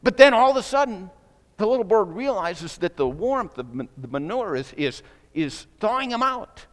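A man preaching with a fairly high voice that lifts when he acts out the people in his story. His words ring out in a large hall with a long echo behind them. He is a pastor delivering a sermon. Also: normal speed. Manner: storytelling preacher, voices quoted speakers with rising excitement.

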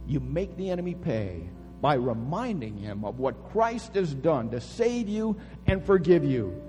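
A pastor preaching a sermon dramatically, swinging from hushed tones to booming calls. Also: male voice, big pitch swings, a little slow, long reverb tail, faint music behind. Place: church sanctuary.

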